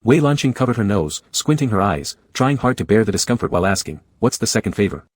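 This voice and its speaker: A man narrating a story in a steady, scripted reading style. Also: on the low side, no room sound. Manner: steady, fast-paced reading.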